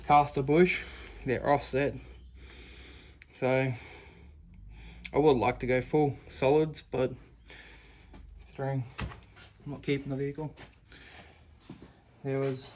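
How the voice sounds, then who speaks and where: A man's voice: mid-range voice, flat delivery, slow pace, pauses often, slight background noise. A man giving casual commentary while working on a car part in his workshop, chatting as he goes. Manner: talks while working, chatty, self-deprecating. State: out of breath. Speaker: home mechanic.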